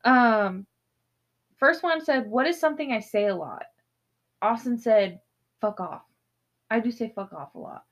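A woman's voice: fairly high pitch, expressive, measured pace, long pauses, highs cut off. A woman in casual chat reading out questionnaire questions with blunt, sassy remarks.

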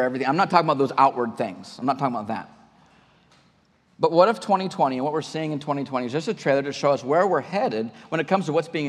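A male pastor preaching a conversational sermon to his church, often restarting and repeating words. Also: medium pitch. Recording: long hall reverb.

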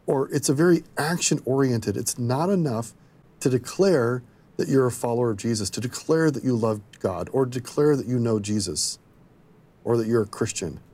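Earnest husky man teaching scripture. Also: medium pitch, normal speed, darkish tone. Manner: earnest, explanatory. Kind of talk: scripture discussion.

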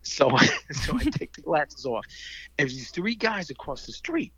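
Gravelly-voiced man telling a story. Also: on the high side, measured pace, no room sound, rough recording. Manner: animated, acts out voices in his stories. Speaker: guest storyteller. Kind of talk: casual storytelling in conversation.

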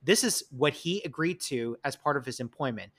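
A man with a New York accent talks through a legal topic as a podcast co-host, unpacking details and dropping the odd pun. His voice sits in an ordinary middle pitch, and he reads quoted passages in a measured way. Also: lively intonation, fairly bright tone. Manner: punning, explanatory, reads quotes aloud. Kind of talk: casual legal chat.

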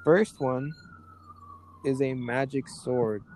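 A man voicing a depressed old male village wizard who speaks quietly and hesitantly. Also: medium pitch, slow, slight background noise, close to an everyday voice. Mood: gloomy.

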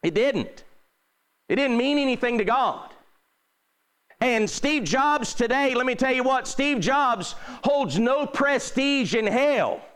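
A man with a high voice preaching a sermon. He delivers it emphatically and repeats his points. His pitch swings from high to low. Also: a bit bright, clean tone.

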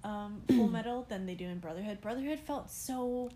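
A young woman co-hosting a casual chat, reacting with quick enthusiasm. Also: medium pitch, dark tone. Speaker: podcast co-host. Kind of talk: casual chat about anime.

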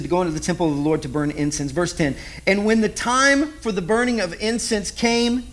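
A man preaching a sermon in a conversational, animated way, full of rhetorical questions. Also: high-pitched. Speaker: pastor.

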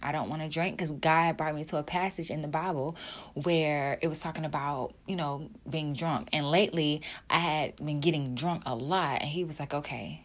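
A woman's voice: low voice, fairly even intonation, normal speed. A young woman talking to her viewers about her faith, emotional and heartfelt, casual with many fillers and repeats. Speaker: video creator. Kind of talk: emotional personal faith talk to camera.

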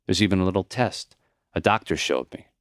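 A man voicing a gentle, dying old male professor in an audiobook, speaking softly and calmly, his voice wobbly and short of breath. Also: low-pitched, fairly quick, dry recording, clean studio sound. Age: older. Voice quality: soft. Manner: calm, accepting, wobbly when breath runs short.

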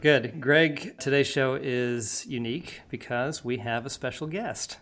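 A man from Milwaukee hosting a podcast, reading a measured introduction and then chatting with his guests. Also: mid-range voice, fairly bright tone, faint music behind. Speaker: podcast host.

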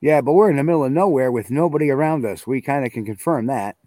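A man's voice: mid-range voice, fast, mellow, dry recording. A man hosting a live outdoor investigation, talking casually and thinking aloud. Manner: talkative, thinks aloud, imitates animal calls. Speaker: field investigator hosting a live audio session. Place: outdoors at night with wind.

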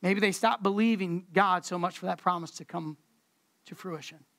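A woman preacher giving a casual, conversational sermon, relaxed and slangy, repeating words for emphasis. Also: lowish voice, normal speed.

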